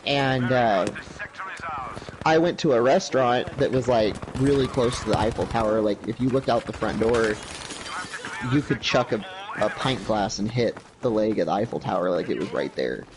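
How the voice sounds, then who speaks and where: A livestream co-host with a medium-pitched voice and moderate pace tells a long travel story in a casual chat, animatedly acting out the voices of the people in it. Noisy video game audio, including gunfire, plays behind him.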